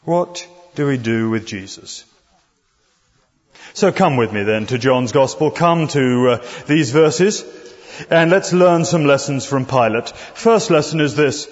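A man's voice: mid-range voice, takes it slowly. A man preaching an expository sermon, talking conversationally and putting rhetorical questions to his listeners. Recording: dull recording in a reverberant hall.

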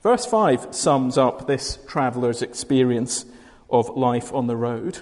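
A Scottish man preaches at a middle pitch, chatty and wry, with dry jokes between scripture points. His voice rings out with a long hall reverb, as in a large church. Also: animated, slow pace, darkish tone. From Scotland. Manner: conversational, dry humour. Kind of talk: sermon.

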